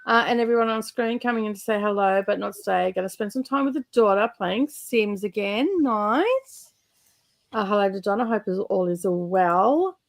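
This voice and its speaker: Woman host, casual stream chat, husky morning voice, giggly. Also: medium pitch, normal speed. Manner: chatty, laughs often, many fillers. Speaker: host of a reading livestream.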